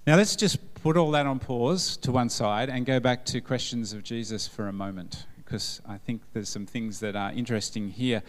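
A man's voice: medium pitch, moderate pace, hardly any pauses, big-room sound. Man preaching a jokey, interactive sermon. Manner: humorous, quizzes the congregation. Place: church service.

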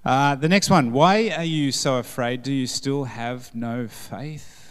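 A man's voice: medium pitch, slow pace, fairly bright tone, clean tone, in a large hall. A man preaching at a church service, joking and quizzing the congregation as he goes. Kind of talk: sermon.

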